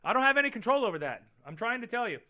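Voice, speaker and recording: A man hosting his own show, chatting casually and rambling with viewers, animated and profane as he reacts to their comments. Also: very high voice, racing, noisy background. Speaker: show host. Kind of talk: casual livestream chat with viewers.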